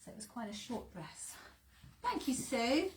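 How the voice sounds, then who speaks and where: A woman's voice: a little high, sing-song, unhurried, slight background noise. A woman from England hosting a casual sewing live stream from her sewing room, greeting viewers by name, chatting and laughing often.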